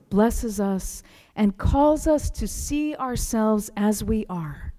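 A woman preacher giving a sermon, telling a story in a soft, hushed manner that drops to a whisper. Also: medium pitch, long reverb tail. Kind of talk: sermon with read-aloud story.

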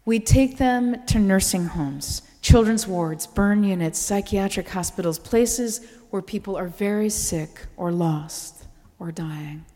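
Woman talking slow and hushed, lots of soft whispery bits, mellow lowish voice, long hall reverb. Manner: slow, soft, often drops to a breathy whisper. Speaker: speaker sharing reflections. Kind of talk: contemplative spoken reflection.

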